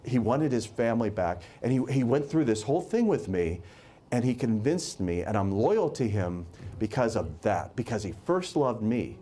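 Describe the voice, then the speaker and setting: A man's voice: mid-range voice, sing-song, moderate pace, warm tone. A man preaching a sermon, emphatic and repeating words for stress.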